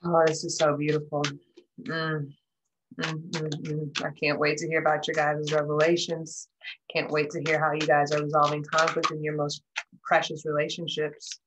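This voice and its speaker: A woman with a low-pitched voice reads tarot cards for her viewers. She talks earnestly and from the heart, pausing on soft hums and checking in with a frequent "right?". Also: monotone, background noise. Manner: soft hums and pauses between thoughts. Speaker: tarot reader. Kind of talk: intuitive tarot reading to viewers.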